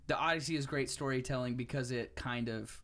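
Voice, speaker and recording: A man's voice: medium pitch, a little fast, fairly bright tone. A young man, a stand-up comedian, chatting on a podcast in a chummy, profane way and laughing often. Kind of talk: casual chat.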